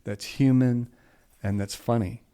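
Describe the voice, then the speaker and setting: His medium-pitched voice is steady, mellow and clean, and he talks a little slowly. The middle-aged podcast co-host rambles through a story casually, restarting now and then and adding folksy side remarks.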